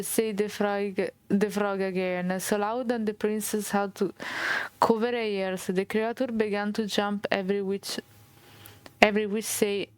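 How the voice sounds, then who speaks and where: A woman with an Italian accent reading a game's fairy tale aloud as a streamer, halting and restarting, with Italian asides. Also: mid-range voice, fairly even intonation, clean tone, no echo. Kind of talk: reading game text aloud.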